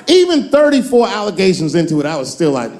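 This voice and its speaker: A man in his forties performing a stand-up comedy set on stage, telling a long story and jumping into high-pitched voices for the characters. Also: huge pitch swings, quick pace, noisy background. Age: 40s. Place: large theater stage with a live audience.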